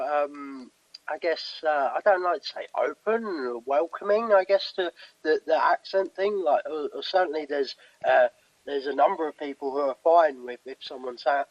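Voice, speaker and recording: A man's voice: fairly high pitch, dry recording, muffled recording. A young British man, a comedian, chatting as a podcast guest in an easygoing, hesitant way with many fillers. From United Kingdom. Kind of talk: casual interview chat.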